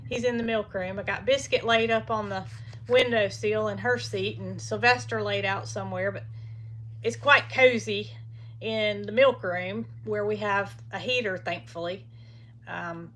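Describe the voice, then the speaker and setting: A woman's voice: medium pitch, fairly bright tone. A woman, chatting casually on a farm live stream from a small heated milk room and cooing at the baby animals now and then. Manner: chatty and folksy, often stops to coo at baby animals. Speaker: farm vlogger.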